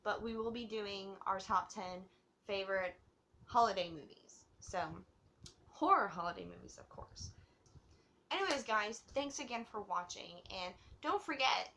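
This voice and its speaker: A woman's voice: fairly high pitch, moderate pace, sharp tone. A woman hosting her own movie review vlog, rambling and gushing with giggles, a bit tipsy from drinking. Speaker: host of a movie review channel.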